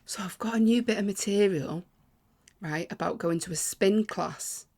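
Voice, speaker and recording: A woman's voice: mid-range voice, normal speed, mellow. A woman, co-hosting a podcast in casual chat, teasing and laughing easily. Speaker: podcast co-host.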